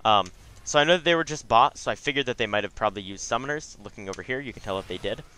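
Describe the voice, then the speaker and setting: A man's voice: mid-range voice, rapid-fire, pushed and bright, slight background noise. A young man giving casual, chatty commentary over his own gameplay, with frequent asides.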